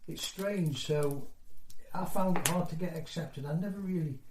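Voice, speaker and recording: Reminiscing in an oral history interview, this man in his sixties from North East England talks in a rambling way with broken-off phrases. His pitch is fairly high and his pace moderate. The background is noisy, and the room adds echo.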